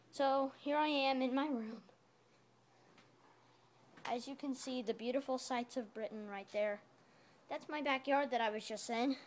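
Woman vlogger, high and light voice, playful home-video ramble, calls out loudly at times. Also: a little hiss or hum.

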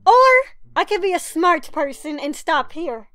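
A woman giving casual commentary while pulling cards in a mobile game, talking in an excitable, pleading, dramatic way. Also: very high voice, unhurried, dry recording, soft background music.

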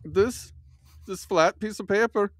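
A man voicing a goofy self-proclaimed German expert professor, in a clumsy mock German accent that slips, speaking in halting, pompous broken English. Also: high-pitched, animated, no room sound, clean studio sound. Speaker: show host in disguise.

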